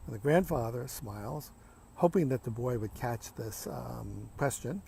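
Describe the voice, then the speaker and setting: A man hosting a self-help video series, talking in an unhurried, reflective way from the deck of a beach house. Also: medium pitch, expressive, gravelly, mellow, slightly rough. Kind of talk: reflective vlog monologue.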